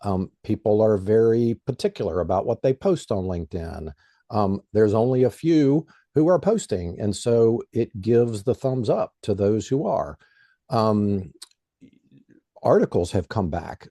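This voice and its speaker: A man's voice: lowish voice, warm tone, no room sound, clean studio sound. A man who is a guest on an interview show, explaining in a plain, conversational way with frequent "um" and "you know.". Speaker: guest expert.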